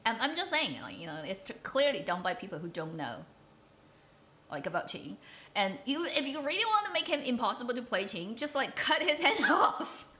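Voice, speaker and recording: Blunt, animated woman drama reviewer. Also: a little high, a little fast, a little hiss or hum. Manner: opinionated, blunt, animated critique. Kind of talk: casual commentary livestream.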